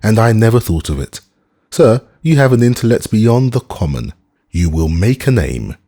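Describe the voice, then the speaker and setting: A man voicing a giddy, theatrical young man who talks in a rapid, high-spirited, declamatory way. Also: sing-song, creaky, a little mellow, husky, exaggerated voice.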